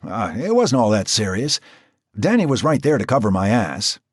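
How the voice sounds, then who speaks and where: A man's voice: lowish voice, sing-song, moderate pace, slightly rough, no room sound, clean studio sound. A man voicing a wry, tough undercover cop in an audiobook. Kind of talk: audiobook character voice.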